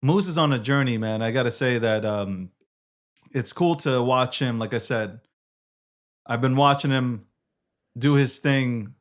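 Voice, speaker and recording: A man's voice: mid-range voice, measured pace, pauses often. A man hosting a live streamed show, chatting casually and swearing now and then. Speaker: host.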